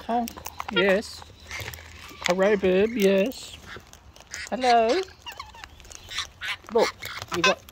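Out in a garden, a bird-feeding vlogger coos to the wild birds she's feeding in sing-song baby talk. Her voice is fairly low, and bird calls and other animal sounds fill the noisy background.

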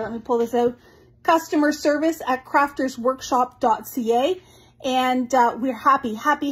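High-voiced chatty woman hosting a live stream. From Canada. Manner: chatty and effusive, reads viewer comments aloud. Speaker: craft store owner hosting a live stream. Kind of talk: casual live-stream announcements.

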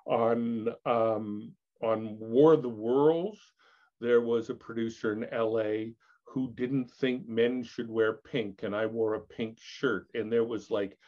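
An older actor telling candid stories as an interview guest, animated and laughing, with many restarts. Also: male voice, mid-range voice, slow pace. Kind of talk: candid storytelling chat. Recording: dull lo-fi audio.

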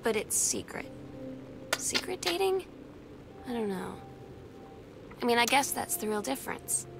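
A woman's voice: on the high side, sing-song, measured pace, vocal fry, full character voice. A hesitant teenage girl confiding. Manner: quiet, confessional, hesitant. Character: teenage girl confiding in her older sister. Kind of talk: narrated game audio diary. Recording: game audio over music.

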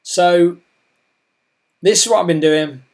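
Chatty man, voice going hoarse. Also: high voice, slow. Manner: rambling, chatty, repeats words and restarts. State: losing his voice. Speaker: online business vlogger. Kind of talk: casual talk to camera.

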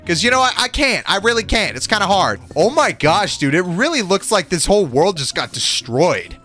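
A young man giving excited, giggly commentary over his gameplay, exclaiming often. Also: high-pitched. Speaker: gaming video creator.

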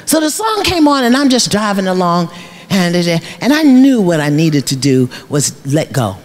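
A woman's voice: mid-range voice, very animated, moderate pace. A middle-aged woman, a life coach, giving a storytelling motivational speech in a preacherly way, repeating phrases for emphasis and laughing often. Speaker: keynote speaker, life coach. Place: large luncheon hall.

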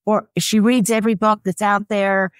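A woman stylist explains how to dress in a chatty, practical way. Her voice is mid-pitched for a woman. The recording is dry and close, with no room sound. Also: little pitch movement, normal speed, dry recording. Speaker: personal stylist. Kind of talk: conversational interview advice.

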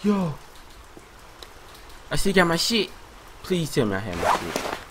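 A young man giving profane gameplay commentary, muttering to himself and then yelling taunts and curses at attackers. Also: a little high, big pitch swings, measured pace, background noise. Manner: swearing, yelling taunts at enemies, swinging between mutters and shouts. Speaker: let's play gamer.

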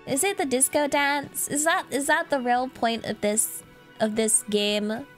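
A woman's voice: high-pitched, steady tone, measured pace, faint music behind. A woman streamer giving playful, rambling commentary while playing a game and reading its text aloud. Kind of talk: casual gameplay commentary.

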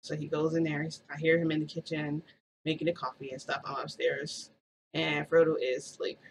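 A woman's voice: low voice, flat delivery, a little fast, creaky, a little hiss or hum, rough recording. A woman vlogger telling a story in a rambling, casual way, full of "like" and restarts.

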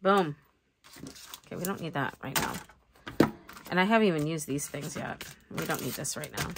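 Low-voiced woman rambling while crafting. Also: lively intonation, moderate pace, gravelly, heavy background noise. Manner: chatty, self-deprecating, thinks aloud. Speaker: planner vlogger.

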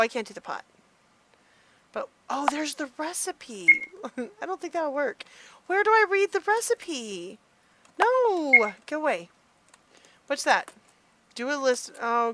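A middle-aged mom chatting excitedly through a let's play, gasping and squealing as she goes. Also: high voice, no room sound. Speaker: gamer mom playing a game.

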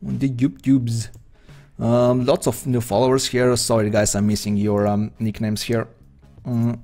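A man's voice: medium pitch, little pitch movement, normal speed, darkish tone, faint music behind. A man from Slovenia with a Slovenian accent, chatting hesitantly and rambling as he commentates his own poker stream. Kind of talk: live-stream commentary while playing.

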